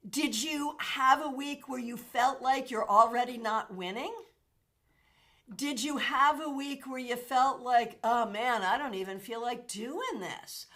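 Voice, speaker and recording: Woman, livestream host, chatty, enthusiastic, animated, bright voice. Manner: chatty, enthusiastic, thanks viewers by name; animated, with sudden jumps in pitch and loudness. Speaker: tarot reader and livestream host. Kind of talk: casual livestream chat with viewers.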